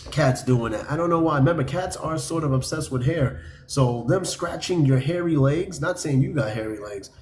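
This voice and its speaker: A man's voice: on the high side, animated, normal speed, a little mellow, slight background noise. Blunt, profane man hosting a podcast. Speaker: podcast host. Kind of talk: casual podcast commentary reading a list.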